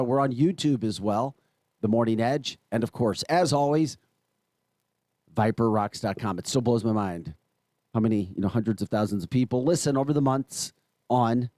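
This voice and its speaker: A man's voice: medium pitch, no echo, studio quality. A man with an American accent hosting a morning talk radio show, ranting in an emphatic, exasperated way. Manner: exasperated, emphatic, animated rants.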